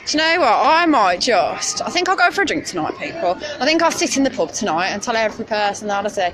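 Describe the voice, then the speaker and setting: A woman's voice: high voice, sing-song, moderate pace, music in the background. A woman with a Birmingham accent, a street campaigner talking passionately and arguing her point on a phone livestream outdoors. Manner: passionate, argumentative. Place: busy city street outdoors. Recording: street crowd noise. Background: crowd.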